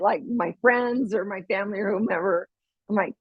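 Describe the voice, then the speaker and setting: Speaking at a moderate pace in a slightly rough, mid-range voice, a middle-aged woman hosts a podcast about parenting. Her advice is casual and chatty, full of laughter and acted-out moments. The recording is dry and dull, lo-fi, with no room sound.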